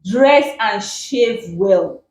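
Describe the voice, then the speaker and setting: A woman with a Nigerian accent giving relationship advice on a talk show, animated and emphatic and repeating her points. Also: medium pitch, very slow. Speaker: relationship guest. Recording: roomy echo.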